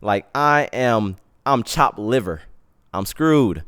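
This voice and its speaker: A man hosting a podcast, telling a personal story in an animated, slangy way. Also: mid-range voice, slow, clean tone. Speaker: podcast host.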